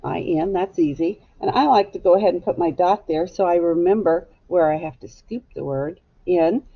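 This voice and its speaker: Casting: woman teacher, husky and a bit low, patient, lo-fi recording. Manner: slow, clear, patient teacher talk. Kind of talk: phonics lesson for children.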